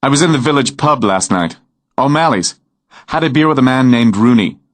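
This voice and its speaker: A man's voice: mid-range voice, animated, brisk, pitched above the performer's own voice, lightly acted. Man voicing a wry American writer.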